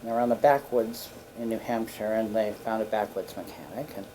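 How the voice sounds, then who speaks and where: A man guest on a community talk show, telling anecdotes in a playful, animated way. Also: lowish voice, fairly quick, a little hiss or hum, rough recording. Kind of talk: storytelling on a local talk show. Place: community studio.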